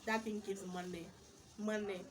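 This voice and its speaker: A young woman with a Nigerian accent telling her business stories in a casual vlog, animated, exclaiming and repeating words for emphasis. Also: mid-range voice, normal speed, a little hiss or hum. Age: young adult. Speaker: vlogger.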